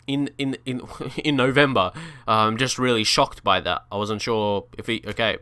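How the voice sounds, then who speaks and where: A young man talks through a football game in casual let's-play style, rambling and chuckling as he thinks aloud. His voice is bright and crisp, with a forward edge. The recording is close and dry, with no room around it. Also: mid-range voice, lively intonation, moderate pace, no room sound. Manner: chatty, thinks aloud, frequent restarts and laughs. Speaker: gaming video creator.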